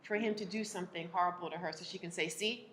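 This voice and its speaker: A woman relationship coach speaking to a live audience, animated, laughing often and acting out the people she quotes. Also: fairly low pitch, rapid-fire, very noisy.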